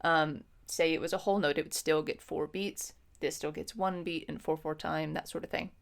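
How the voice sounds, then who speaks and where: A woman's voice: low voice, steady tone, normal speed, creaky. A woman music teacher explaining patiently in an instructional lesson, with frequent ums.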